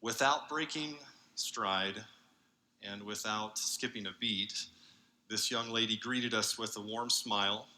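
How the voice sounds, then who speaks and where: A man giving an earnest conference talk as a university researcher, speaking haltingly with many fillers. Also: on the low side, pushed and bright, low-quality recording. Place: large convention hall.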